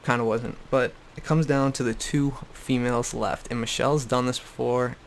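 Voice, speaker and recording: A man's voice: medium pitch, fairly even intonation, moderate pace, a little hiss or hum. Profane young guy recapping. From Boston area. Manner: profane, blunt, repeats himself. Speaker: YouTube recap host. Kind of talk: casual rant-style show recap. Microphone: desktop USB microphone.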